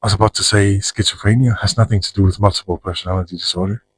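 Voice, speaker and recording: A man's voice: on the low side, steady tone, racing, slightly rough, rough recording. A man talking frankly about his own life in a rambling, profane monologue with frequent restarts. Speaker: vlogger. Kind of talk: personal monologue to camera.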